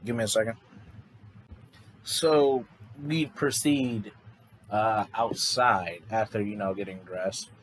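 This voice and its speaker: A man's voice: on the low side, fairly even intonation, takes it slowly, pauses often, a little hiss or hum, low-quality recording. A man casually improvising a story, rambling loosely with lots of fillers and restarts. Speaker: fan storyteller.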